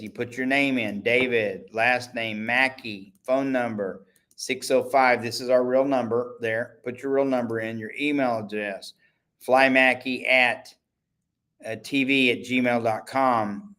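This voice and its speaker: A man's voice: medium pitch, fairly even intonation, a little slow, pushed and bright. Chatty, rambling male livestream host. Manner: rambling, self-correcting, chatty salesman. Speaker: host and network owner. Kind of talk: casual livestream talk.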